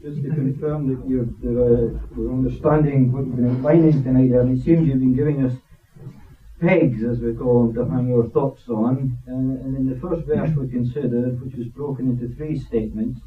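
A man's voice: medium pitch, fairly even intonation, normal speed. A man at a Bible study, carefully summarizing the points with some hesitation. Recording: echoey, distant, tinny recording.

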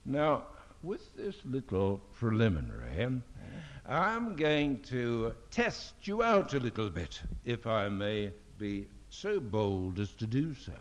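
Older guy preaching, super slow and emphatic, voice swings up and down a lot. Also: mid-range voice, big pitch swings. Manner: slow, deliberate, emphatic, with solemn scripture reading. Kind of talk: sermon at a fellowship meeting. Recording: dull lo-fi recording.

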